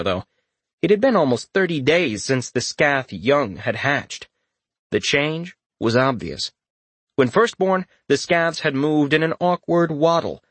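Male narrator, mid pitch, dry studio sound, wry fantasy audiobook reading. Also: a bit bright, dry recording.

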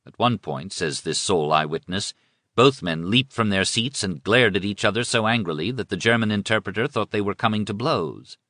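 Bright-toned, low-voiced male narrator. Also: dry recording, studio quality. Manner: measured, formal reading. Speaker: audiobook narrator. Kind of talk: scripted history narration.

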